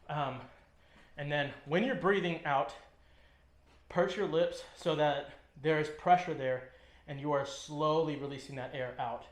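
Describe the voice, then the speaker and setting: A man coaching a workout in a gym, his voice bouncing off the room around him. He sits a little high for a man and talks in short cues while he lifts, with plenty of ums between them. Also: measured pace, echoey room. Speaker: fitness trainer. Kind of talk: instructional demonstration. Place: gym, indoors.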